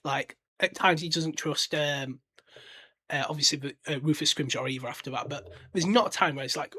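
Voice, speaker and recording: A man's voice: on the high side, moderate pace, sharp tone. A man hosting a casual solo podcast, talking bluntly with lots of fillers and restarts. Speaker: podcast host.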